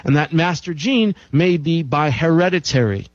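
A man with a somewhat high voice gives an emphatic health-talk monologue, driving points home by repeating them. The sound is dull and lo-fi, with a dry, close feel and no room echo. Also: expressive, moderate pace. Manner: emphatic, repeats key phrases for effect. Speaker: show host.

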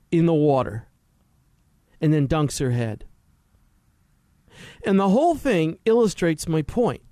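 A man's voice: on the high side, darkish tone, no echo, clean studio sound. Blunt, emphatic male talk show host. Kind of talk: direct-address talk show monologue.

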